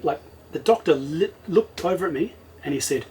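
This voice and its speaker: A middle-aged man, an interview guest, tells a story casually and vividly, often acting out what he said back then. His voice is on the high side, expressive, and dark in tone at normal speed, with slight background noise and poor audio.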